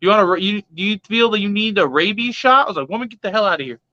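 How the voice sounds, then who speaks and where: Bright-voiced profane young man storytelling. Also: sits high, very fast, no echo. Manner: profane, laughing, animated retelling with quoted voices. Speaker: pet vlogger. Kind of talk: casual storytelling. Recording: dull lo-fi sound.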